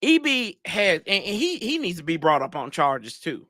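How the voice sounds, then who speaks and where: With a notably high, bright voice, a man hosting a sports show rambles through a casual rant, exasperated and dropping slangy asides for viewers. His pitch swings widely, sing-song, at a moderate pace, and the close, dry recording has no room sound.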